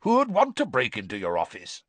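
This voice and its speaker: A man voicing a gruff, grizzled old male auror who growls slowly and with menace. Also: mid-range voice, wildly swooping pitch, no room sound. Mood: menacing.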